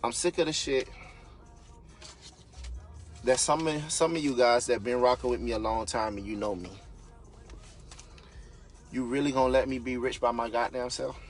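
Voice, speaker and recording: A man on a live stream, a real estate investor and business coach giving an unscripted, fired-up motivational rant, yelling and swearing bluntly. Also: mid-range voice, normal speed, pauses often, soft background music. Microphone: phone or webcam on a social media live stream.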